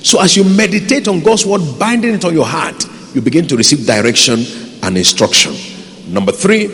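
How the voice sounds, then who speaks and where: A man's voice: medium pitch, sing-song, moderate pace. A man preaching a sermon as pastor, impassioned and calling out to his congregation. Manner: impassioned, rising and falling between loud pleas and quiet asides; calls out to the congregation. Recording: long reverb from a large hall.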